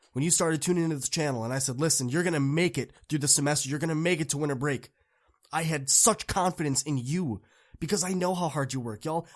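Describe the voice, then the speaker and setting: An earnest young man speaks straight to students in a motivational pep talk. His voice sits a touch higher than most men's, and it moves between quiet, confiding stretches and fired-up appeals. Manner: earnest, encouraging, swings from soft to impassioned. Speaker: podcast host.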